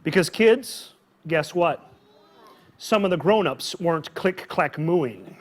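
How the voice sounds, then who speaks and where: A man hosting a live children's story time, talking with animated energy and calling out questions for the kids to answer. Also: a little high, takes it slowly. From Midwest farm upbringing. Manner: animated, call-and-response with children. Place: public library event with a live audience.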